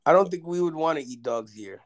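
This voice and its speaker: Podcast co-host, man, animated storyteller, slightly raised pitch. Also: a little fast. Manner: animated, laughs, acts out pets in put-on voices. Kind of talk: casual chat.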